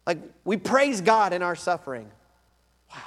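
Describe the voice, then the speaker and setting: A high-pitched man preaching a sermon with an emphatic, conversational delivery, driving his points home through repetition. His voice rings with the long reverb of a large church hall. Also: sing-song, moderate pace, fairly bright tone. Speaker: pastor.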